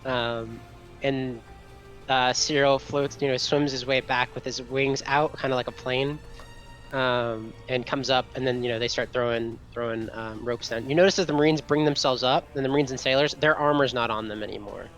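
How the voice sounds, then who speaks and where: A man's voice: medium pitch, steady tone, normal speed, fairly bright tone, soft background music. A man narrating a tabletop game as game master, rambling with many fillers and restarts.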